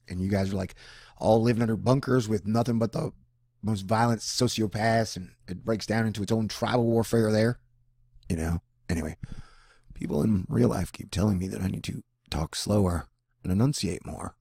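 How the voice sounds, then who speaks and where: A man giving a rambling personal monologue, swinging between loud animated bursts and low mutters. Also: moderate pace, creaky, husky, dry recording, studio quality. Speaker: vlogger.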